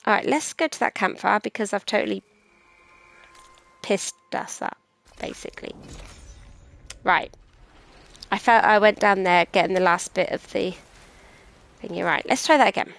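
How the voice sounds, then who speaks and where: Her voice sits in the mid range, creaky and fairly bright, moving at a normal speed with frequent pauses. She's a British woman giving chatty, rambling gameplay commentary on a stream, often joking at her own expense, and the audio is poor.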